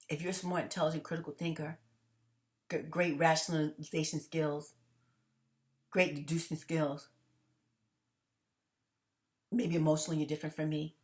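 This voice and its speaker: A woman vlogging straight to her viewers in a casual monologue. She rambles with restarts and repeats, curses bluntly, and swings from loud laughing bursts to hushed tones. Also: sits low. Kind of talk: casual direct-to-camera monologue.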